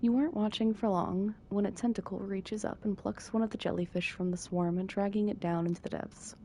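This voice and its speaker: A woman calmly narrating a visual novel as soft bedtime reading, with dry asides. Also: mid-range voice, a little fast, slight background noise.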